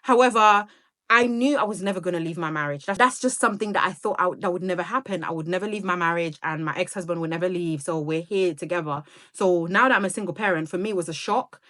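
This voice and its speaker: A woman's voice: mid-range voice, a bit bright. Chatty woman from Sierra Leone. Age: 30s. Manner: talkative, rambling, chatty. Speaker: vlogger. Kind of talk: casual chat to camera.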